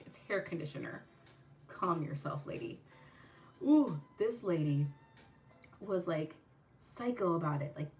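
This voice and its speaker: A woman hosting her channel, telling a profane, animated story while doing a makeup tutorial, acting out the people in it. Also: fairly low pitch, normal speed, far from the mic, soft background music. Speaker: channel host.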